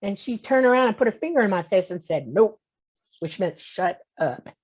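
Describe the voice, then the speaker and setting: A woman's voice: medium pitch, lively intonation, normal speed, darkish tone, breathy edge. A woman in her sixties telling a personal story as a guest on a talk show. She acts out the voices in her story and keeps checking in with "okay?". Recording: muffled lo-fi audio.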